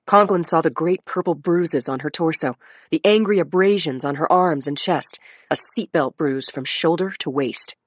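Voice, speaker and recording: A woman's voice: sits low, normal speed, no room sound, studio quality. A woman reading a crime audiobook in a dramatic narration style. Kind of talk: scripted narration.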